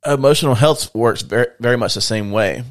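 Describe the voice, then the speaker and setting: A man's voice: mid-range voice, a little fast. A man co-hosting a faith-based podcast, talking in a reflective, casual way and explaining with everyday analogies. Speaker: podcast co-host.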